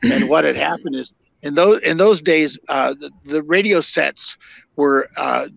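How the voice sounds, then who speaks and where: An older man, a podcast guest and former fire captain, telling long stories in a halting way with many fillers and restarts. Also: a little high, gravelly, a bit bright, no echo. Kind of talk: storytelling interview. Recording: dull lo-fi dry sound.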